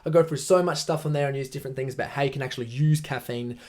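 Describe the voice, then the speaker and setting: An Australian man in his young adult years talks straight into his podcast mic with loose, rambling enthusiasm. He drops casual swears and keeps circling back through asides, his voice sitting at an ordinary middle pitch. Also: rapid-fire, a little mellow. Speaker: podcast host. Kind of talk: casual solo podcast talk.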